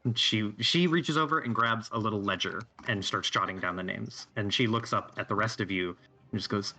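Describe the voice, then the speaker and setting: A man narrating a tabletop game as game master, in a casual, halting manner. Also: lowish voice, bright, forceful tone, slight background noise.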